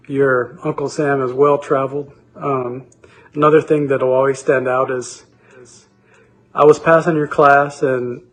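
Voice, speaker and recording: A man speaks in a level, flat voice of medium pitch, recording a tribute to an old teacher. He sounds steady and grateful throughout. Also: slight background noise, rough recording. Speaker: former student.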